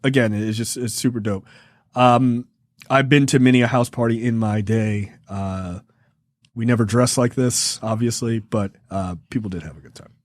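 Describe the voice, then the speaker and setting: A man's voice: mid-range voice, moderate pace, no echo. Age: 40s. Sex: man. Role: film podcast host. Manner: profane, laughing. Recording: dry. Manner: profane, laughing, animated retelling. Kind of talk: casual film review chat.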